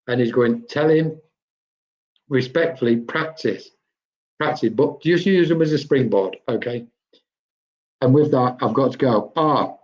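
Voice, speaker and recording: Male medium for a live stream reading, chatty, mid pitch, dull lo-fi sound. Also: a little mellow. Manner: chatty, addresses viewers by name, quotes spirits.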